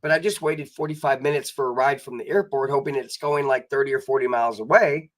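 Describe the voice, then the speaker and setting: A man's voice: medium pitch, quick pace. A man guest telling rambling anecdotes in casual chat, with many fillers and quoted voices.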